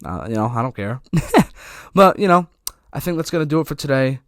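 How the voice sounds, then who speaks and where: A young man talks casually on his solo podcast, wandering through his thoughts with plenty of fillers and the occasional swear. His voice sits at an ordinary middle pitch and sounds a little dry in the throat. The recording is close and dry, with no room sound. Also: very animated, normal speed, a bit bright, no room sound. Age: young adult. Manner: loose, rambling, with frequent fillers and swearing. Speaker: podcast host.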